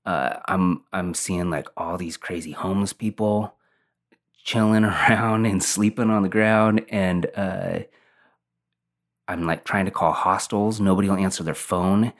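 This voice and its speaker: A man's voice: low-pitched, fairly even intonation, a little slow. A young man casually telling a long personal story, rambling and laid-back with lots of fillers.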